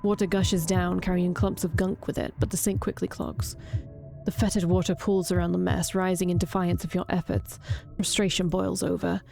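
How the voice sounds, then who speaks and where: A woman reading a horror visual novel aloud, drawing out the grisly parts slowly with brief reactions. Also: fairly low pitch, flat delivery, vocal fry, mellow, faint music behind. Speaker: streamer reading a game aloud.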